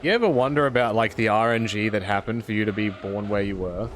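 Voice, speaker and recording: A man's voice: lowish voice, quick pace, a little hiss or hum. Chatty Australian man streaming a game. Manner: rambling, chatty, answers chat while playing. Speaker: live streamer. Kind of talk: casual gaming stream chat.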